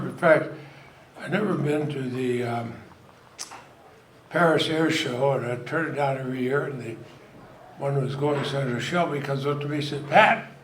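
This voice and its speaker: An older man, a retiring senator, giving a rambling, self-deprecating anecdotal speech to an audience at an event. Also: mid-range voice. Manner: rambling storyteller, self-deprecating humor, frequent pauses. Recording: echoey hall, noisy crowd. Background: audience laughter and room noise.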